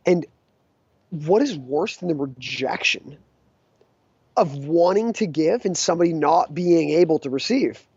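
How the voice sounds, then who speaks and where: A laid-back man in his thirties talks casually as a guest, his voice mellow and a little high. The audio is dry and muffled, without much room sound. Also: expressive, a little slow, breathy edge, no room sound. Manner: laid-back, says "dude" and "like" often. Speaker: entrepreneur guest. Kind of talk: casual interview chat.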